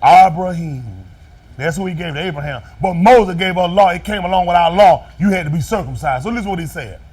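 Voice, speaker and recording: A man with a notably high voice preaches in a loose, folksy way, cracking jokes as he goes. He quizzes the congregation and leaves gaps for them to call out the answers. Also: fast, darkish tone, slightly rough. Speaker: pastor. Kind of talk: sermon with call and response.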